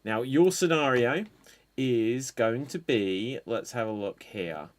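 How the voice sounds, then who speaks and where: Unhurried man hosting improv games. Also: mid-range voice, animated. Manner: unhurried, dry, calls out game prompts. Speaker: improv show host.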